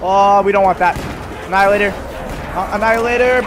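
Excitable young gamer, high voice. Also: male voice, normal speed, background noise. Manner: excitable, swearing, talks to the game. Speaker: gaming YouTuber. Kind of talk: live gameplay commentary. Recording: voice over loud game audio.

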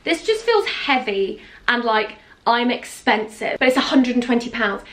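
A young woman in her twenties, chatting to camera as a vlogger, gushing and excitable. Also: on the high side, moderate pace. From England. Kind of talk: casual chat to camera. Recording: echoey room from a distance off the mic.

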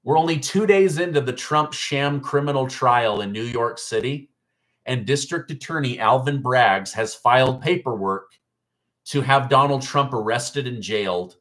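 A man's voice: medium pitch, unhurried, fairly bright tone. A man hosting a live news stream, talking casually to his viewers in an incredulous, mocking tone. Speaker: political news livestream host. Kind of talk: casual livestream news commentary.

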